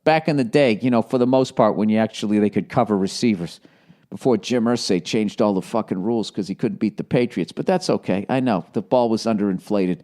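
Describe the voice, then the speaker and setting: A man's voice: fairly low pitch, fairly quick. A man in his forties with a Boston accent, hosting a casual solo podcast and rambling with lots of swearing. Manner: profane, rambling, slips into shouted movie-gangster impressions. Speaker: podcast host.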